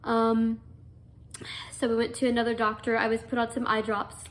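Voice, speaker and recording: A woman's voice: fairly high pitch, completely flat delivery, moderate pace. Earnest young woman telling her story. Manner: earnest, emotional, many fillers and restarts. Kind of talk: personal storytelling.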